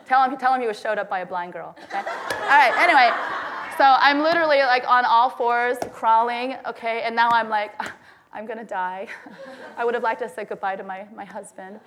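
A woman telling a funny personal story to a live audience, lively and self-mocking, checking in with "okay?" and "right?". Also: on the high side, a little fast, background noise.

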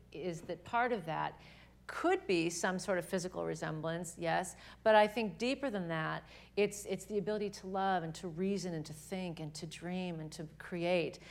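A young adult woman with a lowish voice, talking at normal speed, addresses a women's gathering live. Her faith talk is earnest and animated, and she often starts sentences over.

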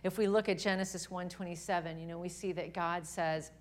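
Speaking to a live audience at a women's gathering, a young adult woman gives an earnest, animated faith talk, frequently restarting her sentences. Her voice is lowish and fairly quick.

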